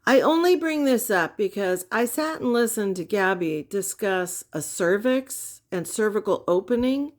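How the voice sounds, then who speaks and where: A woman's voice: medium pitch, expressive, unhurried, hardly any pauses. A woman giving casual explanatory commentary, wry and teasing, often asking rhetorical questions.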